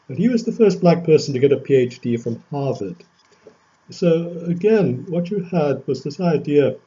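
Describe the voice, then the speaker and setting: A male lecturer giving an academic lecture, measured and thoughtful, with emphatic rising phrases. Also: medium pitch, mellow, slightly rough. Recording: dull lo-fi recording.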